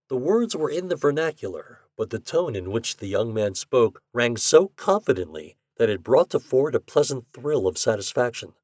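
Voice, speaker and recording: A man narrating classic short fiction in a measured, expressive storytelling way. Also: medium pitch, dry recording, clean studio sound. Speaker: podcast narrator.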